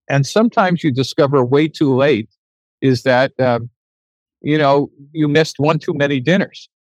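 An older man telling a story as an interview guest, animated and acting out the dialogue in his anecdotes. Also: mid-range voice, no room sound, muffled recording.

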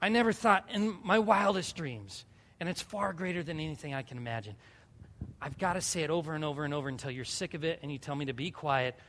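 A high-pitched man in his thirties delivers an earnest, conversational sermon from the pulpit. He tells personal stories plainly, then rises into fervent appeals. His voice rings with a long reverb in a large church hall. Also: fast, fairly bright tone. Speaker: pastor. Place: church sanctuary.

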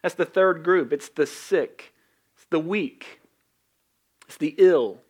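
Southern man preaching in a chatty way. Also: a little high. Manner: conversational, self-deprecating, with quick acted asides. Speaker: pastor. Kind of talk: sermon.

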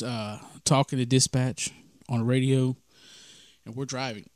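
A man from Mississippi, hosting and telling a story in a lively, casual way and acting out the dialogue. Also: medium pitch, unhurried, dry recording, studio quality. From Mississippi, USA. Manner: animated, acts out the dialogue of his story. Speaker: podcast host.

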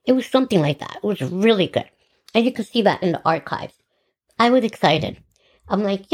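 A middle-aged woman hosting a podcast, telling her own story in an animated, sarcastic way and acting out the dialogue. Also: mid-range voice, fairly quick, husky. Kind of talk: personal storytelling monologue.

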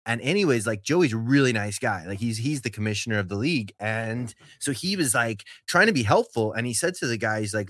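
A man's voice: fairly low pitch, expressive, fast, hardly any pauses, a bit bright, no room sound, clean studio sound. A man hosting a podcast, telling a long story in a casual, rambling way with many fillers and laughs. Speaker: podcast host.

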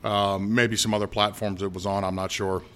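A man's voice: lowish voice, flat delivery, normal speed, pushed and bright, clear, resonant tone. Blunt middle-aged man ranting on a podcast. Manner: blunt, ranting, talks in asides and restarts. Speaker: podcast host. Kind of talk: casual solo political podcast.

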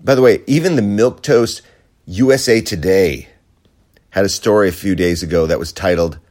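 A man giving a sardonic comic monologue, swinging between loud emphasis and muttered wry asides. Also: low-pitched, normal speed.

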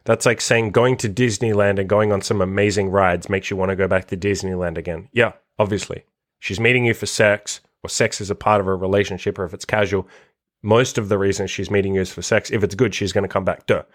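Reacting to a written list, a man who hosts a podcast and works as a dating coach delivers a casual monologue in a low, fairly quick voice. He's animated and blunt, with constant profanity.

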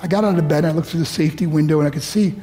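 A man from New York, a motivational speaker telling a personal story to high school students in earnest, vivid storytelling. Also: very fast, dark tone, soft background music.

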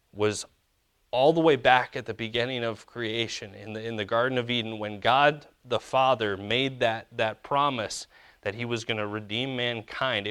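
A man preaching a sermon as a pastor, earnestly, slowing down to stress key words. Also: lowish voice, a bit bright, smooth.

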